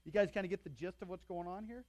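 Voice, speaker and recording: A man's voice: high voice, fast, darkish tone. A man preaching as pastor, reading scripture aloud and chatting with his congregation between passages. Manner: conversational, checks in with the congregation.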